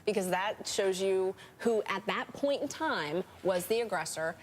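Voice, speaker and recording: A woman legal panelist giving measured, explanatory commentary on a TV show. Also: medium pitch, expressive, a little hiss or hum.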